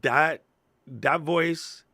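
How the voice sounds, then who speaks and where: An animated man co-hosting a podcast, chatting casually and breaking into joking impressions. His voice has a gravelly fry, and the sound is dry and close to the mic. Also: fairly high pitch, very slow, no room sound. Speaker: podcast co-host. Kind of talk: casual chat.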